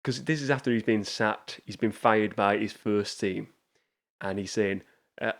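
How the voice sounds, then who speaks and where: A man's voice: on the low side, normal speed, a bit bright. A man hosting a casual film review show, talking enthusiastically with frequent restarts and rambling asides. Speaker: movie show host.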